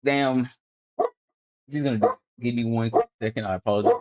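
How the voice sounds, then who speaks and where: A man's voice: mid-range voice, brisk, darkish tone. A young man at home, streaming and reviewing gameplay footage in a laid-back, coaching tone that swears casually. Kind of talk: casual commentary.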